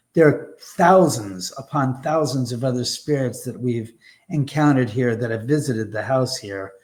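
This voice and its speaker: This man, the owner of a haunted house, is a guest on a live show, and his voice is medium in pitch with a darkish tone. He spins lively conversational stories, rambling and emphatic, blunt in his comments and given to mild cursing.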